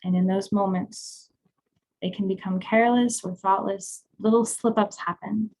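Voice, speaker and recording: A woman's voice: mid-range voice, steady tone, moderate pace, a little mellow, poor audio. A woman leading an intimacy class from home, talking frankly and casually. She laughs easily as she explains and guides the listeners through breathing. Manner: candid, laughing, conversational. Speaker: sex and intimacy coach.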